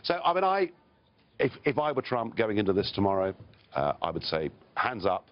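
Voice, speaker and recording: A deep-voiced English man talks bluntly as a guest on a television news interview, his pitch rising and falling with real animation. He punctuates his points with short laughs. The broadcast sound is somewhat muffled. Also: big pitch swings, fairly quick. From Britain. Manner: blunt, chuckling, emphatic. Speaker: political guest. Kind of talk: live TV interview.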